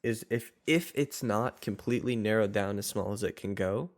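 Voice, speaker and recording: In a lowish voice at a moderate pace, an online course coach runs a casual tutorial, guiding viewers stepwise. He rambles chattily, frequently restarting and correcting his sentences.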